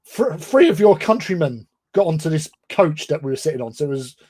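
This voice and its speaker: An Englishman with a somewhat high speaking voice spins a meandering anecdote. He talks casually on a livestream with lots of filler words and self-mocking laughter. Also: sing-song, fairly quick, a little mellow. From England. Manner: rambling, self-deprecating, laughs often. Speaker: livestream co-host. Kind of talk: casual storytelling chat.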